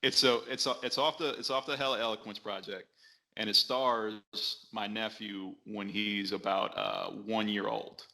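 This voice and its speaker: A man talking as a podcast guest in casual chat, relaxed and rambling with frequent restarts. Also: fairly low pitch, moderate pace.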